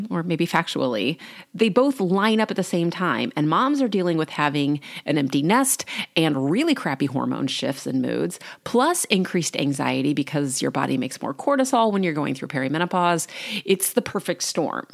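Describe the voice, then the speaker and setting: A woman in her forties, a life coach hosting her own podcast, telling a candid personal story in a chatty way. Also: deep voice. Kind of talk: solo podcast monologue.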